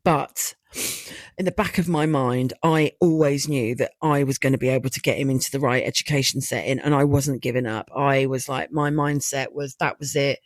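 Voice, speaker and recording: A woman's voice: rumbling low, steady tone, moderate pace, no echo. A woman hosting a personal podcast, telling her own story candidly and emotionally, acting out her past thoughts and swearing freely. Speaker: podcast host.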